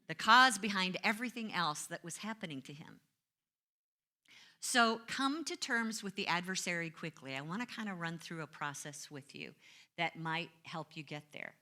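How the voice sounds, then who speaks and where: A woman's voice: lowish voice, lively intonation, moderate pace, bright, forceful tone. A middle-aged woman minister giving a conversational sermon, telling self-mocking stories and acting out her own complaints.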